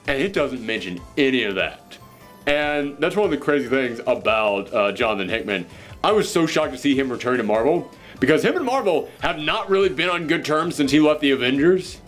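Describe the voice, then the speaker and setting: A man reviewing comics in a loose, conversational way. His voice sits slightly high, and he recaps with animated disbelief. Faint music runs in the background. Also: a little fast. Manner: animated, incredulous storyteller. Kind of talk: casual commentary.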